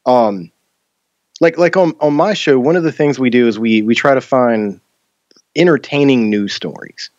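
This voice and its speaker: A man's voice: mid-range voice, normal speed, darkish tone, no room sound, dull audio. A man hosting a podcast in casual chat, rambling with many fillers and restarts. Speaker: podcast host.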